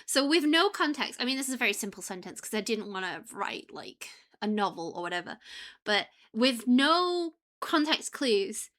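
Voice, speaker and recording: This young female streamer's chat is scattered, um-heavy, and full of self-interruptions. Her slightly high voice swings widely in pitch, sounds fairly bright, and moves at a normal pace.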